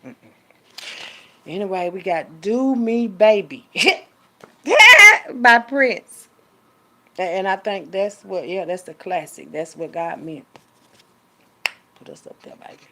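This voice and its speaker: Gravelly-voiced woman rambling to viewers. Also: fairly low pitch, measured pace, long pauses, fairly bright tone, a little hiss or hum. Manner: rambling, talks to viewers, reads aloud. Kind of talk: casual monologue.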